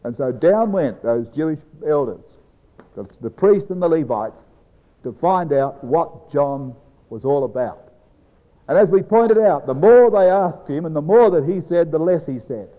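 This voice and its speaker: A man preaching a Bible exposition to a congregation, slow and emphatic, dropping low and soft on key phrases. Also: expressive. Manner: addresses congregation as brethren and sisters. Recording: dull lo-fi recording with long hall reverb.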